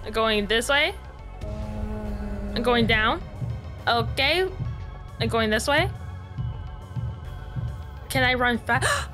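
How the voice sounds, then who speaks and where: A young woman, a gaming YouTuber, plays a horror game and gives jumpy, chatty commentary, talking to herself and laughing at the scares. Her voice is a little high, sharp and animated, slow with frequent pauses, over soft background music.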